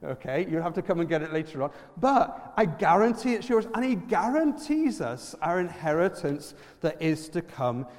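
A man with an Irish accent preaching a lively sermon, quizzing the congregation and using props. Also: a little high, normal speed, hardly any pauses, in a large hall.

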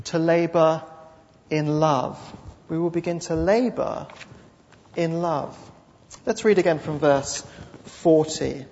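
A man's voice: fairly high pitch, unhurried, darkish tone, slight background noise. A man preaching a sermon with dramatic storytelling and repeated phrases. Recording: dull lo-fi sound with long hall reverb.

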